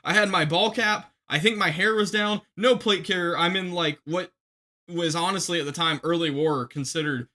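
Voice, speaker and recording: Young guy on a podcast telling a war story, bright edgy voice, lots of ums and restarts. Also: high-pitched, moderate pace. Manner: rambling, full of restarts and fillers, shouts when reenacting.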